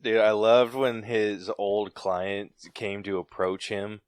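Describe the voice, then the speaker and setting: A man's voice: fairly low pitch, fairly even intonation, slow, clear, resonant tone, no echo. A man on a podcast chatting casually about a movie, laid-back and agreeable, hedging with fillers. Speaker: podcast co-host. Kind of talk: casual movie review chat.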